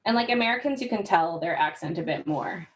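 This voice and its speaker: A Canadian woman talks casually as a podcast guest. She tells animated stories packed with fillers and restarts, and she laughs often. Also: lowish voice, a little fast, rough recording. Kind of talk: casual chat.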